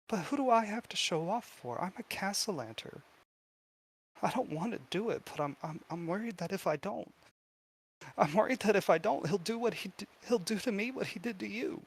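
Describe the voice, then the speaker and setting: A man's voice: high-pitched, breathy edge, voice pushed up, exaggerated voice. A man voicing a frightened young noble girl who is tearful and stammers as she pleads.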